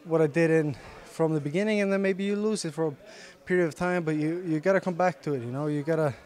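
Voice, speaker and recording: A young man whose English carries a faint Irish lilt, though it is not his first language. He answers quietly and hesitantly, with many pauses and fillers, in a slightly higher voice, in a gym. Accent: slight Irish-tinged English. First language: Icelandic. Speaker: interviewed fighter. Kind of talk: casual interview answers. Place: sports gym.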